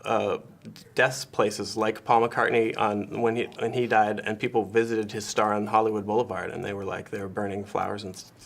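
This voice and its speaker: A man co-hosting a comedy web show, telling absurd stories in a deadpan, mock-reverent way. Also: fairly low pitch, normal speed, vocal fry. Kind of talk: comedic chat, mock-solemn storytelling.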